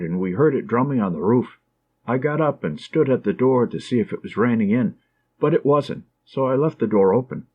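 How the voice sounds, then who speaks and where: A man narrating a classic novel as an audiobook in a measured, expressive way. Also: mid-range voice, dull audio.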